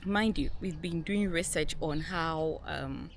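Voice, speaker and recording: A young woman vlogger telling a personal story to her viewers in a casual, animated way, laughing often and acting out what people said. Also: on the low side, measured pace, a little hiss or hum. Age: young adult. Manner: animated, laughing, acts out quotes.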